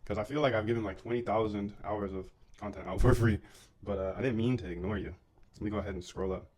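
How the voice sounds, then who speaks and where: Laid-back low-voiced man coding live. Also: steady tone, fast talker, a little mellow. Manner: loose slangy banter with chat; eating while talking. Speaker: livestreaming coder and trader. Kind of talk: casual live coding stream.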